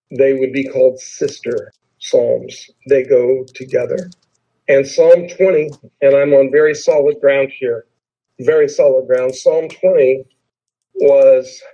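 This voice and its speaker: A man teaches a sermon in an easy, conversational way, repeating his points and slowing down to read scripture aloud with weight on key words. His voice is slightly husky, and the recording sounds dull and lo-fi. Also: medium pitch, warm tone. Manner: slows down to read scripture with emphasis. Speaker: preacher.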